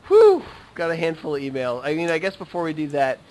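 Man, podcast host, casual joking chat, higher voice, very lively pitch. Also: fast, low-quality recording. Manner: joking, animated banter.

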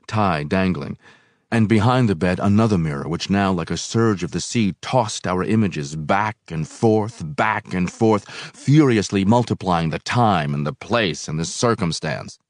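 A man reading a novel aloud in a measured, unhurried way. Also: low voice, no echo, studio quality. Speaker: reader.

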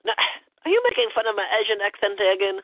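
A man playing a rambling, touchy caller with a heavy Korean accent, speaking halting, filler-filled English over the line. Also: sits high, lively intonation, no room sound. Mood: indignant. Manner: touchy, easily offended. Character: blustering self-important male caller, rambling. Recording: phone-like lo-fi line.

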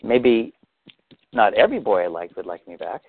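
Calm man guiding a tapping session. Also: on the low side, normal speed, vocal fry, breathy edge, no echo. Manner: calm, guiding, feeds lines to repeat. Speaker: tapping therapy facilitator. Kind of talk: guided tapping therapy session. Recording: thin phone-like audio, dry.

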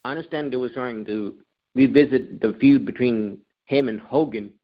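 A man chats about wrestling on a casual show, raising skeptical questions. His voice sits at a middling pitch. The sound is muffled and lo-fi. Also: normal speed. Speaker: podcast co-host.

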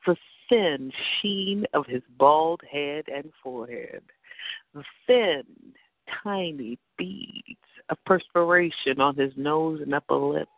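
Guy narrating a steamy story real slow, raspy fry, dry close sound. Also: a little high, no room sound, narrow, tinny audio. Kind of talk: reading an erotic story.

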